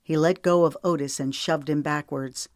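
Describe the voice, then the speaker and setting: A woman narrating an audiobook in a steady, measured reading style. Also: low-pitched, no echo, studio quality.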